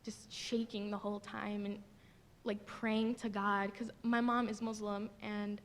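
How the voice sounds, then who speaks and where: A young woman from the audience telling a personal story, halting and tearful, with many fillers. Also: mid-range voice, flat delivery, a little hiss or hum. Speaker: audience member. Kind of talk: emotional personal testimony. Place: large theater.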